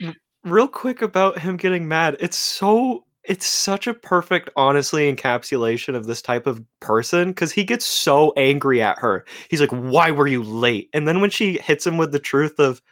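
A podcast co-host in casual chat, opinionated and halting, often restarting sentences with "like". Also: mid-range voice, animated. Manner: halting, many "like" fillers, opinionated.

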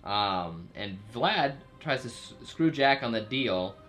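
A man's voice: medium pitch, animated, slow, a bit bright, faint music behind. A man casually recapping a TV episode's plot for a podcast, rambling with fillers and jokey asides. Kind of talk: casual chat.

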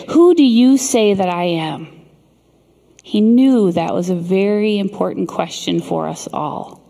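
A woman's voice: medium pitch, darkish tone. Earnest woman preaching in a reverberant hall. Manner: earnest, measured storytelling with dramatic pauses. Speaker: speaker. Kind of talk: sermon with storytelling.

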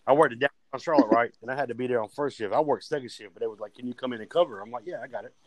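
A man's voice: medium pitch, very fast, no echo, rough recording. A man telling profane stories in casual podcast chat. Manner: profane, animated storytelling. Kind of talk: casual storytelling.

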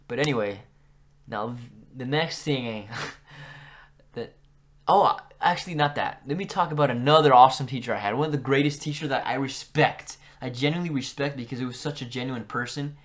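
A young man hosting a podcast, telling school stories in a casual, animated way and acting out what people said. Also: medium pitch. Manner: animated, acts out quotes with big jumps in loudness. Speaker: podcast host. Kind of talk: casual storytelling.

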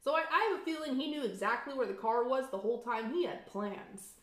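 A woman co-hosting a podcast, retelling a horror movie in casual chat, animated and swearing freely. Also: a little high, brisk. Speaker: podcast co-host. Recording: echoey room sound on a live stream.

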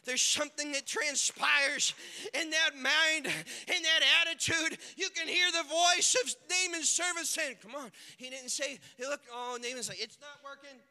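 Male pastor, very high piercing voice, dynamic sermon delivery from whisper to shout, long church reverb. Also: measured pace. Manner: dynamic preaching, swings from hushed to shouting; acts out quoted characters in the stories.

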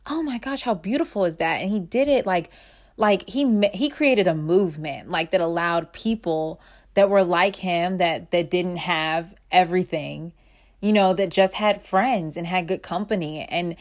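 A young woman of about twenty talks through her thoughts in a personal monologue, earnest and unpolished. She circles back on her words with lots of fillers and restarts, and her voice lifts up bright and then drops low and soft as feelings catch her. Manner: emotional, swings between bright and hushed.

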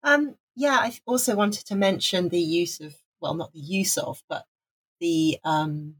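Husky, lower-voiced woman. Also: a little slow. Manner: chatty, self-correcting, opinionated. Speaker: podcast co-host. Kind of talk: casual music review chat.

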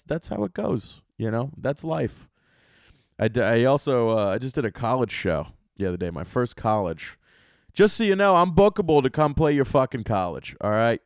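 Young guy comedian riffing solo on his podcast, swears a lot, gets loud in bursts, dry close sound. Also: medium pitch, clear, resonant tone, no echo. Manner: profane, rambling comic storytelling. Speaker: podcast host and stand-up comedian.

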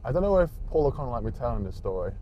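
A South African man, a former rugby prop, telling a lively anecdote as a guest. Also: mid-range voice, very fast, dull audio, a little hiss or hum. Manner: lively storyteller. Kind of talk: casual anecdote.

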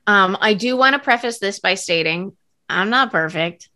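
A woman's voice: medium pitch, expressive, normal speed, pushed and bright. A woman co-hosting a podcast, chatting earnestly and casually with lots of fillers. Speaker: podcast co-host. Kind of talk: casual chat.

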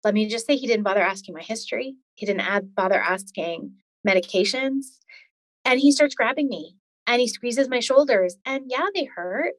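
A woman in her forties tells a personal story with earnest, detailed care. Her voice sits a little high, and the recording is close and dry, with no room sound. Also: animated, normal speed, no echo. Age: 40s. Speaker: podcast guest.

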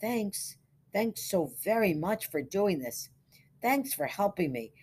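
A woman reading the part of a confused, gentle middle-aged eccentric man who speaks haltingly and repeats himself. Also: medium pitch, very animated, husky, voice pushed up, exaggerated voice. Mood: quiet. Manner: halting, pleading, repeats words.

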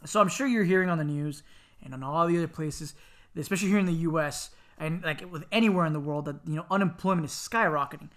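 A man's voice: on the high side, fast. Chatty man co-hosting a casual podcast. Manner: animated storyteller, jokey, often breaks into loud laughing impressions. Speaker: podcast co-host.

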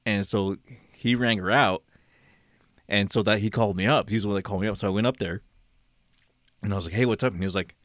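Brief: man in his 40s, lowish voice, dry close sound, casual swearing storyteller. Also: fast talker, pauses often, no room sound. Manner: profane, laughing, acts out quoted people.

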